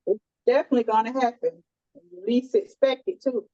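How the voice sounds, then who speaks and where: A woman chatting in a relaxed and agreeable way. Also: fairly high pitch, fairly quick, no echo, dull audio. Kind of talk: casual chat.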